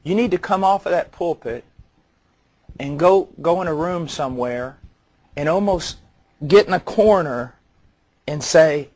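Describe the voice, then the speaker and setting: A man's voice: fairly high pitch, a little slow, a little mellow. A man preaching a sermon, telling stories conversationally and building to earnest intensity, often repeating words as he starts a phrase.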